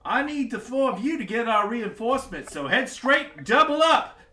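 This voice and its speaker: A man doing a booming, flamboyant king. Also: animated, roomy sound, exaggerated voice. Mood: boisterous. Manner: loud, showy, drawn-out proclamations. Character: boisterous flamboyant male king.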